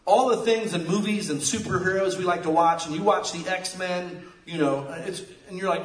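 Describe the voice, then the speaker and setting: A man preaching a sermon, telling jokey stories with sudden loud outbursts. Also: high voice, fairly even intonation, fairly quick, few pauses. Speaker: pastor. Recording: echoey room, mic at a distance.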